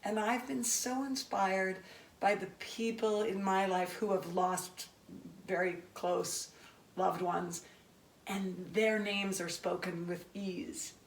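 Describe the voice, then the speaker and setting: A woman hosting an interview, speaking gently and reflectively. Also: mid-range voice, steady tone, slow pace. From Canada. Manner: gentle, reflective, soft-spoken. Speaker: host. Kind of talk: interview conversation. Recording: echoey room from far off, faint noise.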